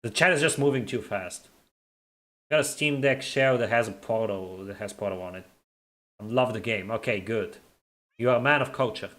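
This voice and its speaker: A man's voice: mid-range voice, moderate pace, fairly bright tone. A young man chatting casually on a live stream, reading viewer comments, teasing and laughing often, and tripping over and repeating his words.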